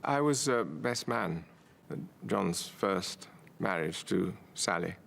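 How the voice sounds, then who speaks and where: An older man in a documentary interview, fondly recalling an old friend in a halting way, laughing now and then. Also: sits low, animated, creaky, fairly bright tone. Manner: halting, fond, laughs often.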